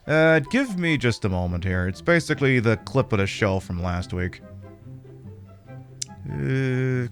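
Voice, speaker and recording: A man's voice: medium pitch, gravelly. A man with an Australian accent, ranting and swearing in casual chat while streaming a game.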